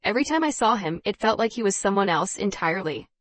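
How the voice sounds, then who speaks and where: A woman narrating a dramatized first-person story in an even, measured reading voice. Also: mid-range voice, no echo.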